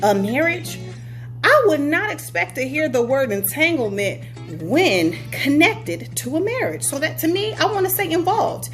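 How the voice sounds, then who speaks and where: High-voiced sassy woman host. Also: big pitch swings, unhurried, fairly bright tone, soft background music. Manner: sassy, chatty, addresses listeners as y'all. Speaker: podcast host. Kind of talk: casual commentary.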